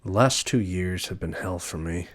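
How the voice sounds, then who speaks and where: A man's voice: deep voice, moderate pace, fairly bright tone, dry recording. A man reading aloud the subdued, reflective lines of a remorseful young man in a story game. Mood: somber. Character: remorseful young man, quiet and self-aware.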